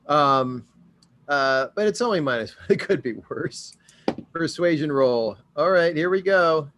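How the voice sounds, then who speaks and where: A man playing a tabletop game, joking and animated as he describes his moves and rolls. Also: on the high side, a little slow, background noise. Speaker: player. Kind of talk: casual tabletop play.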